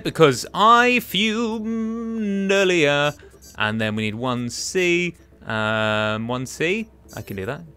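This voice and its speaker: A young man with a fairly high, bright, forceful voice provides casual let's-play commentary as he plays a game. He's chatty and exasperated, often muttering to himself.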